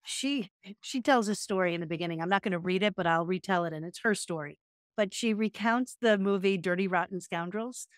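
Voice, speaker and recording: Animated woman co-host telling stories. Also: on the low side, brisk, clean tone, no room sound, clean studio sound. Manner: animated storyteller, retells scenes with energy. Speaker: podcast co-host. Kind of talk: casual chat.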